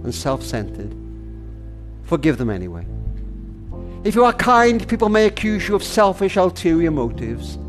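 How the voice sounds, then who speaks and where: An older man with a fairly high voice tells a heartfelt story, his pitch rising and falling freely. He speaks tenderly, as if to a grandchild, over faint music in the background. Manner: tender, addressing a grandchild as darling. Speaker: speaker and author.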